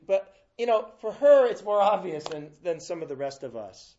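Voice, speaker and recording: Male preacher, fairly high voice, storytelling sermon with many restarts, dull lo-fi audio. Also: lively intonation, moderate pace, few pauses. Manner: storytelling with frequent restarts and a wide swing in loudness.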